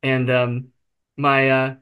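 A man's voice: medium pitch, completely flat delivery, takes it slowly, clean tone, narrow, tinny audio. A man being interviewed, telling a personal story candidly, with self-deprecating humor and frequent fillers. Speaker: interview guest.

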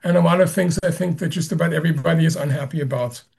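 A man with a gravelly, somewhat high voice answers interview questions as a Zen master. He speaks haltingly, with pauses, fillers and frequent throat clearing. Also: darkish tone.

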